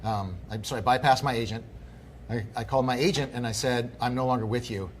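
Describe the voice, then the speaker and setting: Animated storytelling man, middle voice. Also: mid-range voice, a little fast, slight background noise. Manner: animated storyteller acting out quoted people. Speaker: guest. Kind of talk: casual podcast conversation.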